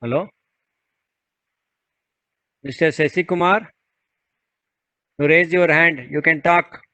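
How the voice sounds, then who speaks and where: A man's voice: fairly high pitch, slow pace, sharp tone, no echo. A man moderating an online session, patiently repeating requests for a participant to speak. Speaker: webinar moderator. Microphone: video call. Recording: dull, muffled video call audio.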